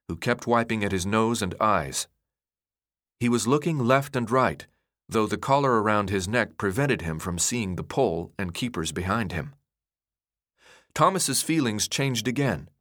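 Expressive male audiobook narrator, dry sound. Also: on the low side, no echo. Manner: expressive, dramatic reading. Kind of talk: scripted narration.

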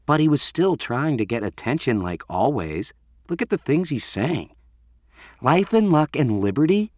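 Dude doing a smart teen girl, flat and cool and kinda sneering, dry sound. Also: mid-range voice, moderate pace, no room sound. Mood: scornful. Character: sharp, blunt, clever teenage girl.

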